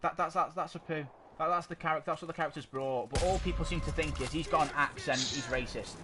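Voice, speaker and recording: A man's voice: a little high, fast. A man co-hosting a casual podcast, arguing his opinions in a rambling way and often stopping to search for words. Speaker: podcast co-host. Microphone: desk microphone. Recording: noisy amateur podcast recording.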